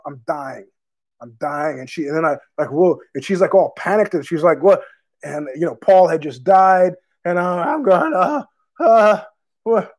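A man with a fairly high voice hosts his own podcast and rambles through stories, swearing freely and piling on fillers. He is fighting a cough as he talks. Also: a little mellow. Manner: profane, digressive storytelling with many fillers. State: has a cough. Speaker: podcast host. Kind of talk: casual rambling monologue.

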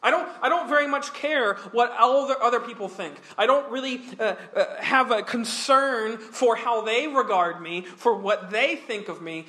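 A man's voice: very high-pitched, normal speed, few pauses, pushed and bright. A man preaching a Bible study sermon, talking earnestly and emphatically, with some restarts. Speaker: pastor.

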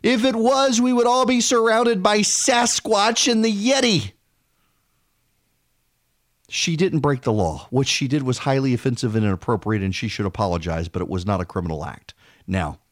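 A man's voice: mid-range voice, no echo, studio quality. A man hosting a talk radio show, sarcastic and argumentative, often restarting his sentences. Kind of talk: opinionated talk radio monologue.

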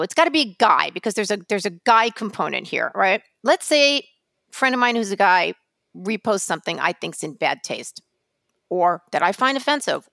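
A woman co-hosting a casual podcast, telling stories in an animated, theatrical way, with swearing and acted-out asides. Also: medium pitch, gravelly, dry recording, clean studio sound. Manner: animated, theatrical storytelling with profanity. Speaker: podcast co-host.

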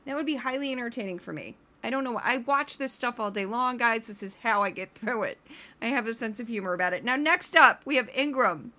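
Woman, podcast host, sarcastic, animated, high pitch, bright tone. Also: a little fast. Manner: sarcastic and animated, slips into voices. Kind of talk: comedic political commentary.

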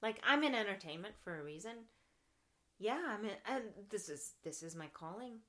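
Bright, animated woman chatting with laughter. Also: medium pitch, normal speed. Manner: animated, laughs often, acts out her own inner voice. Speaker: podcast guest, actress and clown. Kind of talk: casual conversational interview.

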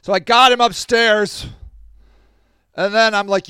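A man's voice: sits high, brisk, clear, resonant tone, no echo, clean studio sound. A man hosting a podcast, telling stories in a casual monologue, acting out other people's lines and laughing often. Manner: animated, acts out quoted voices, laughs often. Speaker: podcast host.

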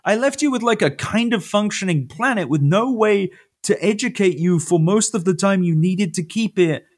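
A man's voice: high voice, animated, moderate pace, voice pushed up. A man putting on the voice of God, a fed-up, incredulous deity ranting at humans. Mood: exasperated.

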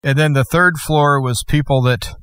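A man's voice: fairly high pitch, fairly even intonation, moderate pace, fairly bright tone, smooth. A middle-aged man, a guest host, telling a personal testimony in a plainspoken, conversational way with folksy asides.

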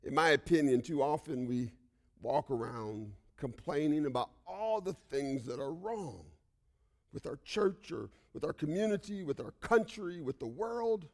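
A male pastor preaching a sermon, telling a personal story with frequent "right?" asides and swings between loud outbursts and hushed whispers. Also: a little high, animated, unhurried.

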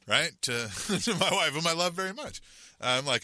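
A man's voice: on the high side, very animated, a little fast, pushed and bright, no echo. A middle-aged man co-hosting a podcast, telling a rambling, self-mocking story in casual chat with lots of fillers. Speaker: podcast co-host.

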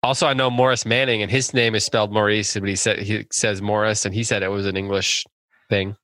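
A man with a lowish voice hosts a casual book-club podcast and reads out listener questions. His delivery is relaxed and wanders a little. The sound is dry and close, with no room around it. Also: brisk, no room sound.

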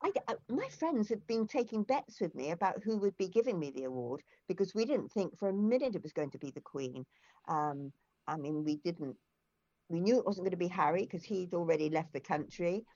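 A low-voiced older woman talks as an interview guest, telling long anecdotes in a chatty, meandering way with plenty of fillers and false starts. The recording is dry and a little muffled. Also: animated, a little fast, dark tone, no echo. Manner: chatty storyteller with frequent restarts and fillers. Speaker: interview guest, former foster carer. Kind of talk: conversational interview.

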